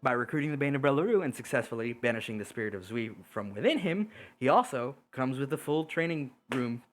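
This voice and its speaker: A man narrating as game master of an online tabletop game, casual and relaxed, laughing often. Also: medium pitch, fast talker. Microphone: voice chat microphone.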